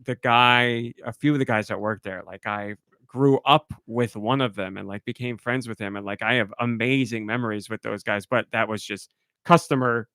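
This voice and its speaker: A man in his forties with a bright, forward voice hosts a podcast. He is recorded close and dry, and he reacts eagerly with quick interjections. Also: mid-range voice, fairly even intonation, no echo. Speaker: podcast host. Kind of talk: casual podcast chat.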